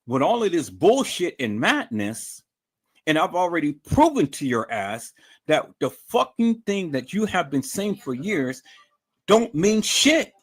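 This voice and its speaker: Angry ranting man, pitch jumping around. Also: fairly bright tone, slightly rough. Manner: angry, profane, repetitive, confrontational. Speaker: livestream host. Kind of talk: heated livestream rant.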